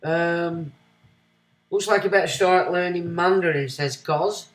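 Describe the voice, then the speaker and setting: Ranting man with a high voice. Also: a little slow, echoey room. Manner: blunt, sarcastic, swings from mutter to loud. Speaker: livestream host. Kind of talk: ranting livestream commentary.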